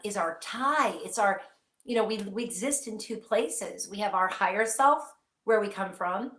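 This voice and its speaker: A woman's voice: mid-range voice, reverberant. A woman hosting a live psychic question-and-answer stream, speaking earnestly and reassuringly straight to her viewers.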